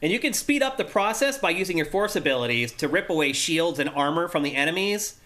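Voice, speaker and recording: A man's voice: a little high, expressive, fast talker, bright, forceful tone. A man hosting a casual gaming podcast, eagerly walking through game features. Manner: enthusiastic, explanatory, runs through game features. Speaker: podcast host. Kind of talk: casual chat.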